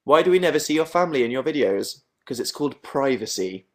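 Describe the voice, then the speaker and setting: Quick and animated, this medium-pitched young man from England runs a late-night livestream from his bedroom. His take on viewer comments is dry, sarcastic and self-mocking, keeping things casual.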